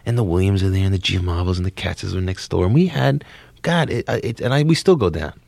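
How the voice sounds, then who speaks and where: A young comedian from New Jersey chats in an interview, tripping over restarts and spilling stories. His voice sits low with a gravelly edge. The recording is dry and close. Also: fast, dry recording. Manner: rambling, excitable, lots of laughs and restarts. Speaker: comedian guest. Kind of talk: casual interview chat.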